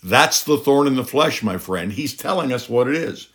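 A man's voice: medium pitch, animated, moderate pace, fairly bright tone. A middle-aged man preaching a sermon, emphatic, with rhetorical questions and a voice that climbs on key points.

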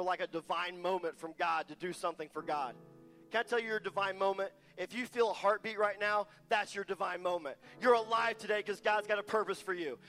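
A man's voice: sits high, a bit bright. A man preaching a passionate, emphatic sermon as a guest speaker, repeating lines for weight.

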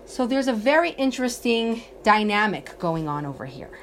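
A woman's voice: on the high side, sing-song, normal speed, slight background noise. A woman teaching a religious text lesson, earnestly explaining it phrase by phrase. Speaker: Torah teacher.

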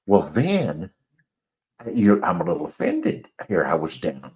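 Deep-voiced man telling a rambling story. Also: wildly swooping pitch, measured pace, a little mellow. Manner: rambling, chuckling, self-deprecating. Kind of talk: casual anecdote storytelling.

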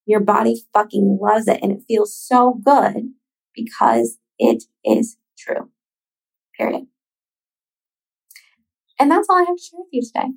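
A woman hosting a podcast, talking casually and encouragingly straight to the listener, with swearing and long pauses. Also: a little high, vocal fry, low-quality recording. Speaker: podcast host. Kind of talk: motivational podcast monologue.

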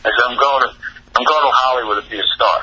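A middle-aged man, a rock singer, telling his story in a rambling, halting way full of fillers. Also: mid-range voice, sharp tone, a little hiss or hum, rough recording. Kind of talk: casual storytelling interview.

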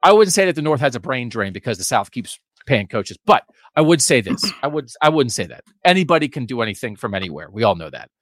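A man's voice: mid-range voice, big pitch swings, quick pace, no echo, studio quality. A man co-hosting a sports podcast, giving emphatic, opinionated talk with sarcastic asides.

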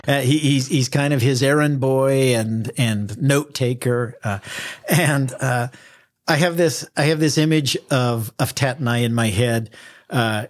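A man's voice: medium pitch, measured pace. A man hosting a casual bible discussion, telling the story with laughter and acting out the characters. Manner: animated storyteller, laughs often, acts out characters. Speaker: bible study podcast host.

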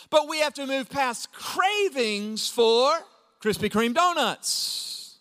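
A man preaching, his voice pitched very high for a man. He swings from ringing shouts to low, playful asides as he voices his congregation. The sermon is caught live in a large hall with a long reverb trailing each line. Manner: acts out quoted voices of the congregation. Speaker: pastor.

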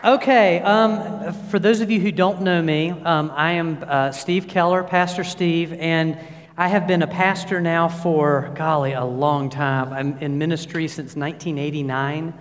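High-voiced pastor in a reverberant church. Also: male voice, a little slow, some chatter behind. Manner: animated storyteller, many fillers and restarts. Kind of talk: sermon with personal anecdotes. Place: church sanctuary. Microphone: church sound system. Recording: long reverb of a large hall.

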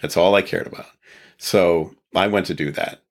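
A man from Texas with a very low, deep voice recounts his past in a loose, rambling interview style. He is reflective and chuckles now and then as the memories come back. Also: normal speed. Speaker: podcast guest. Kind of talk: casual storytelling interview.

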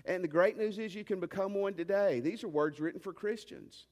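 High-voiced preacher in a reverberant hall. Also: male voice, a little fast, a little mellow. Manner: emphatic preaching with rising commands and folksy asides. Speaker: pastor. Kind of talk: sermon. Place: church.

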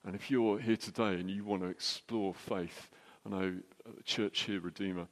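A middle-aged man telling a jokey, anecdotal story as a church speaker, with quick restarts. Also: sits low, fairly even intonation. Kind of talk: storytelling sermon. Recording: long hall reverb.

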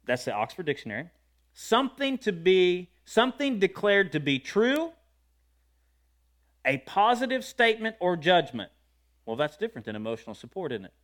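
A man preaching a sermon, talking to his congregation, asking them questions and breaking into loud shouts of praise. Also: sits high, very animated, moderate pace.

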